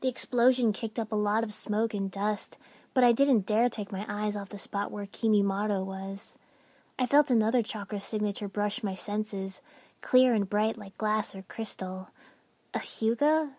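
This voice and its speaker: A woman narrating a first-person story with dramatic expression, dropping to hushed whispers at tense moments. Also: mid-range voice, fairly even intonation, moderate pace, no room sound. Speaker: audiobook narrator.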